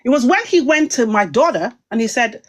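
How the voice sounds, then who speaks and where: Woman ranting on a live stream, worked up, slightly high voice, keeps circling back. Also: lively intonation, fairly quick. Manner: agitated, emphatic, rambling. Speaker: online commentator. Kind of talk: heated livestream talk.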